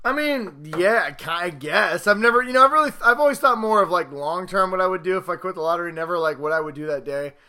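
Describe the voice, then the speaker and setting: A playful man in his thirties co-hosting a podcast, his voice pitched high and sitting bright and forward. He chats loosely, acting out little scenes and quoted lines in silly voices. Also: animated, fast talker, hardly any pauses. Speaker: podcast co-host. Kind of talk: casual chat.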